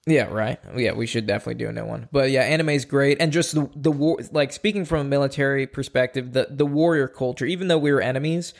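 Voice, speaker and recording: A man's voice: mid-range voice, steady tone, quick pace, creaky, hardly any pauses. A man co-hosting a casual podcast, speaking earnestly and often restarting his words. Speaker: podcast co-host.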